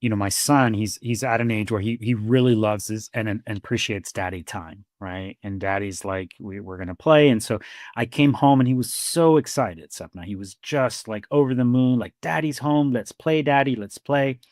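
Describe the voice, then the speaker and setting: A man's voice: fairly low pitch, moderate pace, a little mellow, dry recording, clean studio sound. A man who works as a therapist, co-hosting a conversational podcast in a reflective storytelling way, acting out quoted dialogue and often saying "you know" and "like.".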